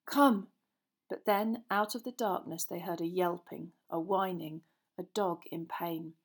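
A woman narrating a fantasy novel aloud with tense, expressive storytelling that builds suspense. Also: fairly low pitch, measured pace. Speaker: audiobook reader.

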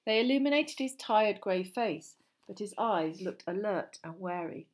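A woman narrating a storybook aloud in an expressive, dramatic style. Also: mid-range voice, a little slow. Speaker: audiobook narrator. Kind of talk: scripted narration.

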